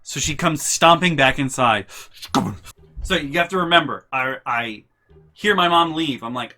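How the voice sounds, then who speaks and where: A young man telling a comic storytime vlog with animated, profane, exasperated delivery. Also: a little high, measured pace. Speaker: vlogger.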